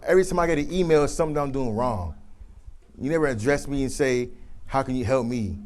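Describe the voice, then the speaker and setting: A man running a leadership workshop, his voice in a middle pitch for a man. He talks casually and colloquially, with lively energy, as he acts out workplace scenes. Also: fast, poor audio. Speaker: workshop presenter. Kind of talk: leadership workshop role-play.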